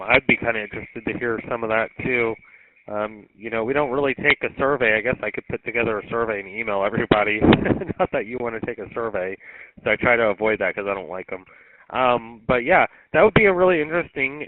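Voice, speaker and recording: A man's voice: mid-range voice, no echo. A man running a weekly two-way radio net as net control, chatting in a folksy, rambling way with lots of ums. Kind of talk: casual on-air radio chat. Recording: tinny two-way radio audio.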